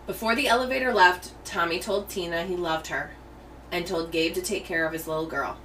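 A woman's voice: lowish voice, brisk, fairly bright tone, recorded from a distance, a little hiss or hum, rough recording. An American woman hosting a true crime podcast, telling the story in a chatty way with tangents. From United States. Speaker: podcast host.

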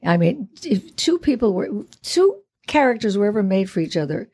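A woman's voice: mid-range voice, sing-song, moderate pace, darkish tone, slightly rough. A woman in her eighties, a guest actress chatting in an interview in a theatrical way, often laughing. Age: 80s. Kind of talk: casual interview chat.

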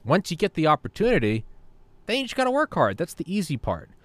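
A man's voice: on the high side, huge pitch swings, quick pace, no room sound. Storytelling man host, dry sound. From United States. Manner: storytelling, profane, acts out quotes. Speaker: podcast host. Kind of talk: casual chat.

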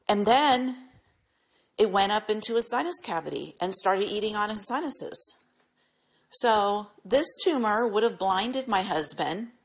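A middle-aged woman from California, speaking at a middling pitch, vents in a frustrated podcast rant. She hammers each complaint through repetition and lands on it with exasperated emphasis. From California, United States. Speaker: podcast host.

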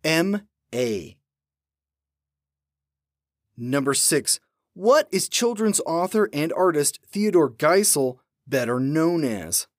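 A man's voice: on the high side, slow, pauses often, no room sound, studio quality. A man hosting a trivia podcast, reading questions in a playful manner. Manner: animated, playful. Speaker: podcast host, trivia quizmaster.

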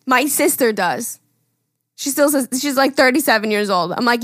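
A woman's voice: fairly high pitch, lively intonation, moderate pace, a bit bright, no echo, studio quality. A woman co-hosting a casual podcast, reading listener stories aloud in a blunt manner, swearing freely. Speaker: podcast co-host.

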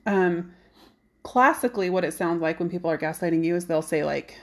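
A woman hosting a podcast in casual chat, animated, acting out quoted dialogue. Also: lowish voice, a little fast. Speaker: podcast host.

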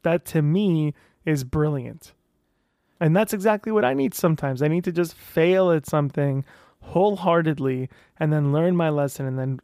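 A man talking casually about adjusting to life after weight-loss surgery, animated and often acting out what other people say. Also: a little high, no echo, clean studio sound. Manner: animated, self-talking, acts out quoted voices. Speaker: vlogger sharing weight-loss surgery journey. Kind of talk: casual monologue.

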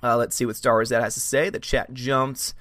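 A man's voice: mid-range voice, level tone, a little fast, a bit bright, no room sound, clean studio sound. A man hosting a live stream in casual chat, animatedly greeting viewers by name and answering their comments. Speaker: livestream host.

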